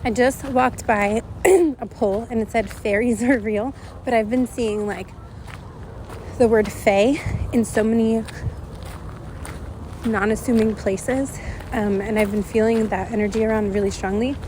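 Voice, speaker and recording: A woman's voice: a little high, steady tone, measured pace, a little mellow, a little hiss or hum. A woman giving a casual spoken channeling message, rambling and dreamy with many fillers, a bit congested and stuffy. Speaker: spiritual channeler. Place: outdoors at dusk.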